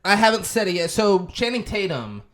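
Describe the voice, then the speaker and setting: A man recapping a film on a podcast, talking with excitable, animated energy. His voice sits a little high and sounds bright and forceful, and he swears freely. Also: moderate pace. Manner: animated, swearing, acts out scenes. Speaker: podcast co-host. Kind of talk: casual movie recap chat.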